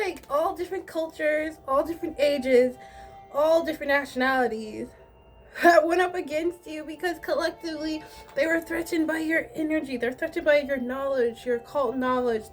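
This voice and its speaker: A woman giving a casual tarot reading in a blunt, sassy, profane way. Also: high voice. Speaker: tarot reader.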